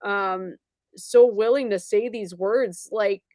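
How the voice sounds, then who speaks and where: A woman's voice: mid-range voice, slow pace, a little mellow, dry recording. A woman hosting a talk show who gives her opinions in a loose, conversational way. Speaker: host.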